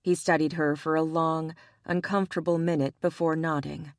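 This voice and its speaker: A woman narrating an audiobook romance in a measured, even reading style. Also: low voice, no echo, studio quality. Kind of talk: scripted narration.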